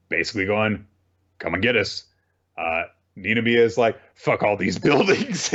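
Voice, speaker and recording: A man with a low voice recaps a manga chapter in loose, casual chat, peppered with swearing and quick asides. The recording sounds dull and lo-fi. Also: fairly bright tone. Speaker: podcast co-host.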